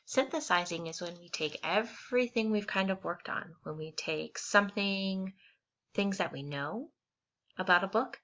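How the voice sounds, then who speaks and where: A woman teacher reading a picture book aloud to young students, expressive and animated. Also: mid-range voice, normal speed. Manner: warm, expressive, animated storytelling. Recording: slightly dull lo-fi with faint hiss.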